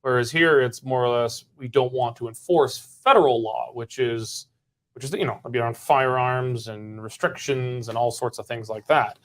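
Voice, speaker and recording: A man's voice: medium pitch, steady tone, moderate pace, a bit bright. Man hosting a political panel. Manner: probing, presses with questions. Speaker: political talk show host. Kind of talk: casual political panel discussion.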